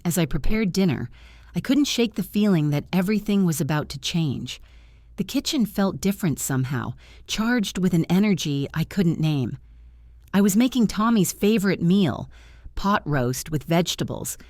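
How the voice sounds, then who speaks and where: Measured, low-voiced woman storyteller. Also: darkish tone, no echo, studio quality. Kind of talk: scripted first-person story narration.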